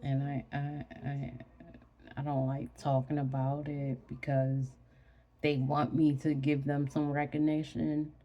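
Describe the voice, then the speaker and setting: Sleepy woman, gravelly voice, slow rambling casual chat. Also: deep voice, level tone, mellow, lo-fi sound. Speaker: vlogger.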